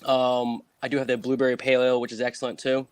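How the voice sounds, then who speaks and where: A man's voice: mid-range voice, monotone, fast talker, a little mellow, clean tone. A man with a New England accent, a guest author in a casual video-call interview, rambling with many fillers and chuckles.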